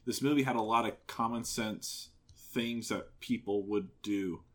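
A man's voice: on the low side, measured pace, fairly bright tone. A man co-hosting a podcast, chatting and giving opinions about a horror movie. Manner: chatty and opinionated, agreeing often. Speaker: podcast co-host. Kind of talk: casual movie discussion.

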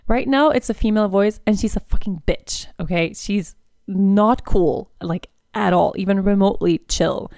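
A woman's voice: medium pitch, vocal fry, darkish tone, no room sound, clean studio sound. A woman hosting a podcast, talking candidly in a casual, chatty way with lots of filler words. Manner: chatty and candid, with frequent "like" and "you know". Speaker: podcast host. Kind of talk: casual personal chat.

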